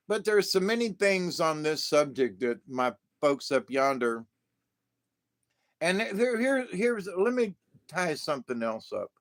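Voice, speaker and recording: A man with a high voice drawls through a long monologue at an unhurried pace. He is stoned, keeps breaking into laughter, and repeats his insults with heavy, drawn-out emphasis. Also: sing-song, a bit bright. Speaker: vlogger. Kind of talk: rambling monologue to viewers.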